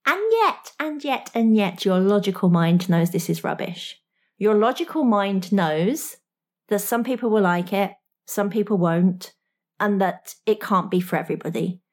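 Woman coach, talks right at you, blunt and slangy, mid pitch, motivational vibe. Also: moderate pace, a little mellow. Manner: direct and frank, slangy, with small laughs. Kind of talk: motivational talk to the listener.

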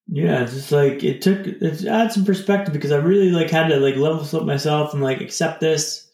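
Man with a gravelly voice, rambling. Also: fairly high pitch, fairly quick, a little mellow, echoey room. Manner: loose and rambling, full of "like" fillers. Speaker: podcast guest. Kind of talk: casual reflective storytelling.

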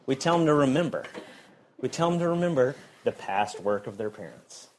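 A young man preaching a sermon in a conversational way, his voice swinging between loud emphasis and quiet, low passages. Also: expressive, fairly quick, a little hiss or hum. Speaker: pastor.

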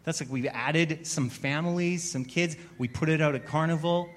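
A pastor with a somewhat high voice delivers a sermon. He tells stories with a dry, self-mocking wit and then rises into louder, emphatic preaching. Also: normal speed. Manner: storytelling with wry self-mocking humor.

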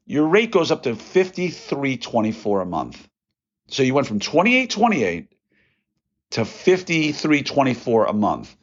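Chatty male podcast host, lively voice. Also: on the high side, lo-fi sound. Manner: chatty, folksy asides, works through numbers aloud. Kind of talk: casual solo podcast monologue.

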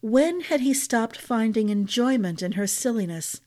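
A woman narrating a fantasy novel for a storytelling podcast in a measured, dramatic reading style. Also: on the high side, lively intonation, mellow.

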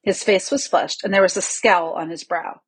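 Husky woman reading a storybook. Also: fairly low pitch, fairly even intonation, moderate pace, dry recording, low-quality recording. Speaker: audiobook narrator.

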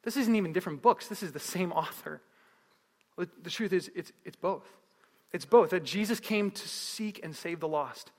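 A man preaching a sermon as pastor, telling stories in a lively way and asking the crowd one question after another. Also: sits high, moderate pace, big-room sound. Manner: lively storytelling with repeated rhetorical questions.

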